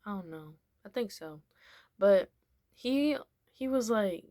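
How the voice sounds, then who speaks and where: A woman's voice: mid-range voice, slow, no echo, studio quality. A young woman telling a casual story, rambling with many fillers and acting out what people said. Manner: animated, acts out what people said. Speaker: vlogger.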